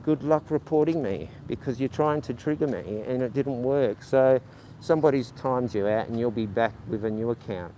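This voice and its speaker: On a casual stroll through city streets, a livestream host talks at a moderate pace in a dark, mid-range voice. He stutters and rambles, filling gaps with ums, and fires sarcastic responses at his chat, with faint street sounds behind.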